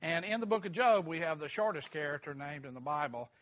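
A man's voice: fairly high pitch, animated, fairly quick, fairly bright tone. Folksy man teaching a Bible class. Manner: folksy, asks the group questions, self-deprecating humor. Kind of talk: joking classroom Bible lesson. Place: church classroom with a group.

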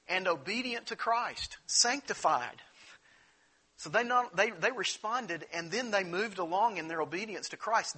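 A man's voice: high voice, pushed and bright, breathy edge. A man preaching a sermon in an earnest, conversational way, often restarting his phrases. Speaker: pastor.

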